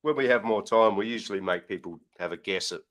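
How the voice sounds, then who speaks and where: A man's voice: lowish voice, quick pace, fairly bright tone. An Australian man hosting a casual mail-opening livestream, easygoing and full of local slang. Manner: easygoing, uses Aussie slang like mate and reckon. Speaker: host of an RC mail-opening show.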